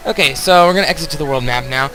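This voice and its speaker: Bright-voiced chatty male gamer. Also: a little high, racing, soft background music, low-quality recording. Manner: chatty, rambling, talks straight to viewers. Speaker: let's play host. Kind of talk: casual game commentary.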